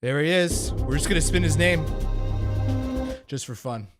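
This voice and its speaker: A man co-hosting a podcast, loud and laughing, swearing through casual banter. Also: fairly high pitch, a little slow, music in the background. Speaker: podcast co-host.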